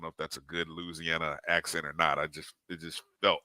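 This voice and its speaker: A man's voice: very deep voice, level tone, brisk, bright, forceful tone, no echo. A man co-hosting a live sports talk show, animatedly greeting chat viewers one by one by name.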